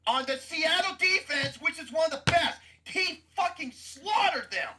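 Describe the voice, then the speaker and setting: A man hosting a podcast, ranting about football in a loud, cursing, mocking way. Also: very high-pitched, expressive, a little slow, noisy background. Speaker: podcast host. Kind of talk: profane sports rant.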